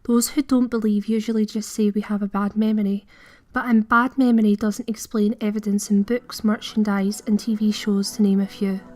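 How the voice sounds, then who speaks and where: A woman's voice: medium pitch, level tone, moderate pace, a little mellow. A woman, reading scripted narration in an earnest, puzzled way. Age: early 20s. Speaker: video creator.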